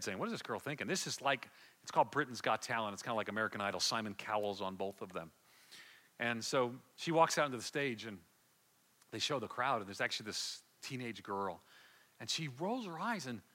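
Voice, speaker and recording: A man preaching a sermon, telling a story with passion and swinging from hushed to loud, often repeating words as he builds. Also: mid-range voice.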